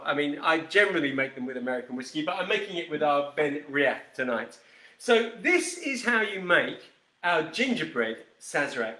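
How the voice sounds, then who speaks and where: A man's voice: on the high side, pushed and bright, echoey room. A man hosting a live whisky show, chatting casually with viewers by name and rambling as he demonstrates a cocktail. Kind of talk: casual live-stream chat and cocktail demo.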